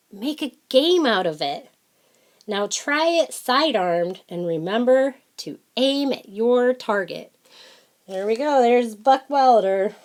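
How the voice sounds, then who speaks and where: A woman reading a children's fishing book aloud, adding chatty, playful comments between the lines of text. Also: medium pitch.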